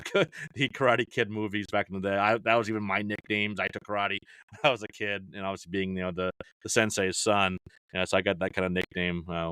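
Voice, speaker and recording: A middle-aged fantasy baseball analyst, appearing as a podcast guest, chats casually and rambles, full of "you know"s and restarts. His fairly low voice is smooth and a bit bright, and the recording is dry.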